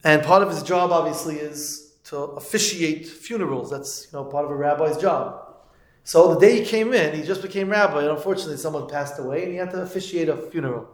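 A man giving a sermon, telling a story in an animated way. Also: fairly high pitch, fairly quick. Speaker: religious speaker. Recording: echoey room.

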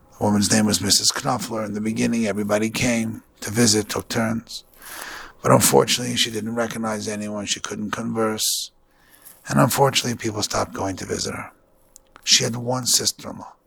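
Male rabbi, husky and gravelly, earnest sermon storytelling. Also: fairly low pitch, fairly bright tone. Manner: earnest storytelling with Yiddish and Hebrew terms.

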